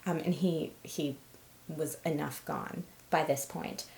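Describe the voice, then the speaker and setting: Candid young woman with a gravelly voice. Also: sits low, steady tone, slow, a little mellow, reverberant. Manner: candid, conversational with frequent ums and laughs. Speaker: host. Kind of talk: personal storytelling vlog.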